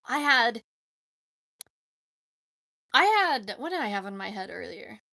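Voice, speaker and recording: Bright, chatty woman livestreaming. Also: on the high side, sing-song, takes it slowly, creaky. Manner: chatty and rambling, laughs often. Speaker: livestream host. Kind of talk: casual live chat.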